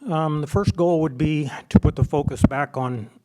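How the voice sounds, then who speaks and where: A man's voice: on the high side, moderate pace, darkish tone. A man running for school board, answering in a plain-spoken, hesitant way with false starts, in council chambers. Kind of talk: candidate forum answer.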